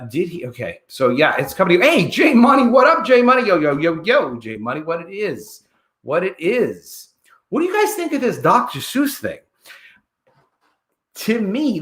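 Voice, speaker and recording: A man's voice: medium pitch, a bit bright, reverberant. A man hosting a casual livestream, greeting viewers in the chat by name and rambling from topic to topic. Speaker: livestream host.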